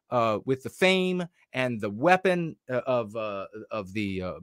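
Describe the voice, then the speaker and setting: On a livestream, a political commentator rants bluntly and heatedly, often stopping and restarting with fillers. His voice is medium-pitched, with studio-quality sound and no room tone.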